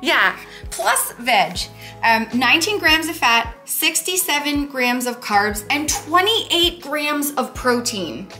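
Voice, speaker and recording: A woman's voice: high voice, expressive, slow, sharp tone, soft background music. A woman hosting a cooking vlog, chatting in a bubbly, enthusiastic way and cheering her viewers on. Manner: bubbly, enthusiastic, upbeat encouragement. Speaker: weight loss cooking vlogger. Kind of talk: casual cooking vlog chat.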